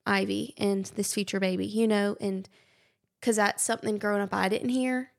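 A woman's voice: mid-range voice, little pitch movement, normal speed, creaky. A young woman hosting a podcast, effusive and gushing in casual conversation. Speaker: podcast host.

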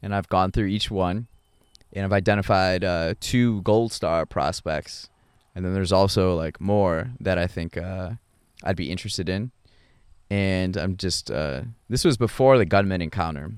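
A young adult man talking casually about his dating life, halting often with fillers and restarts and chuckling between thoughts. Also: low voice, smooth, no room sound, studio quality. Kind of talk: casual rambling monologue.

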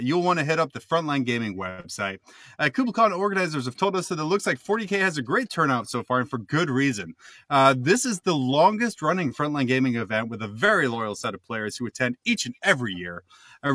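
A man co-hosting a podcast in a loose, casual chat, joking and rambling as he goes. His voice is bright and forceful, close and dry on the mic. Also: fairly high pitch, no room sound. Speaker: podcast co-host.

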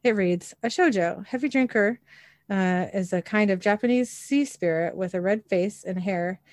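A woman's voice: mid-range voice, normal speed, darkish tone, no room sound, clean studio sound. A woman narrating a TV episode scene by scene in a casual way, reading the characters' lines plainly with the odd filler. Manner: reads quoted dialogue plainly, with small fillers.

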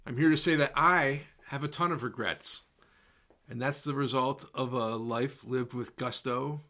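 Man, preacher giving a sermon, slow deliberate pacing, reflective tone, crisp bright voice. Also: mid-range voice. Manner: slow, measured, reflective delivery with soft, dropping repetitions.

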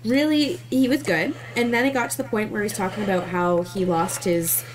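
A woman co-hosting a podcast, chatting casually about a film in a blunt, animated way and swearing freely. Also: mid-range voice, normal speed. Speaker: podcast co-host. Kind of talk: casual movie review chat.

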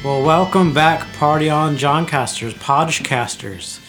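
A man's voice: on the high side, a little slow, over music. A man co-hosting a casual podcast as a minister, telling puns and trading jokes. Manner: punning, jokey. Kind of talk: casual chat.

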